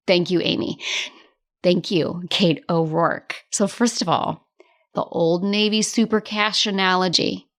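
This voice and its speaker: A woman hosting her own coaching podcast, talking casually and directly, with a chatty, animated delivery and frequent laughs. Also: on the low side, measured pace. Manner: tough-love directness, casual swearing. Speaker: podcast host and business coach. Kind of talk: casual solo podcast talk.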